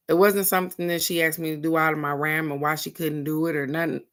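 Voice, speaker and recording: Low-voiced woman telling a frank story. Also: fast talker, few pauses. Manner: animated storytelling, acting out quoted voices, addressing viewers directly; frank and blunt, with the odd curse word. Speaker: host of a daily card reading show. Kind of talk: casual spiritual chat to viewers.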